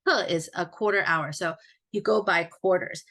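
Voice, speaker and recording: A woman teaching a Chinese grammar lesson in a recorded walkthrough. Her voice is low-pitched but bright, and her explanations are friendly and patient. She corrects her own slips out loud as she goes. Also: normal speed.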